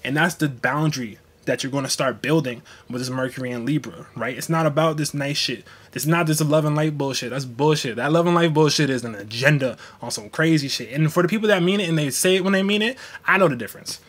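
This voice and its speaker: A young man talks to his livestream viewers in a blunt, slangy way, cursing freely. His voice sits a bit high for a man. He switches into mocking voices when he quotes people. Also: fast talker, few pauses, a bit bright, slightly rough. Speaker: astrology livestream host. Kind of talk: casual livestream talk.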